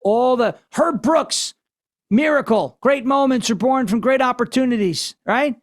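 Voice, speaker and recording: Brash, high-voiced male show host. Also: measured pace. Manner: mocking, brash and loose. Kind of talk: political commentary show.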